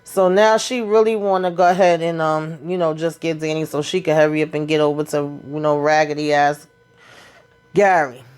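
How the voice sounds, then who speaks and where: A woman's voice: low voice, little pitch movement, moderate pace, darkish tone, smooth. A woman recapping a TV episode in a casual, chatty and slangy way, telling the story as she goes. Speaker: TV recap vlogger.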